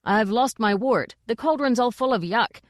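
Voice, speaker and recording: A woman reading aloud, voicing jittery young male apprentices who play witches in a stage play, pitched higher and louder than her narration. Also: moderate pace, no echo, clean studio sound, lightly acted. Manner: meek, then shouting.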